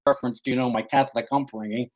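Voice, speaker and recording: A man's voice: mid-range voice, fairly even intonation, rapid-fire, dull audio. A man recounting a personal story as an author guest in an interview, rambling and full of "you know" and restarts.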